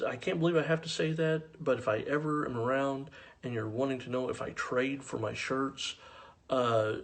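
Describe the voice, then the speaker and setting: A middle-aged man from the rural United States telling a comic story, with a drawling, deadpan delivery. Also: medium pitch. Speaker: stand-up comedian.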